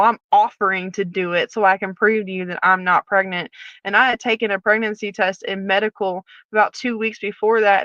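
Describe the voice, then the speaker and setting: A woman's voice: medium pitch, fairly bright tone, dry recording, highs cut off. A woman, a former prison officer, candidly telling her personal story as a guest and acting out the dialogue as she retells it.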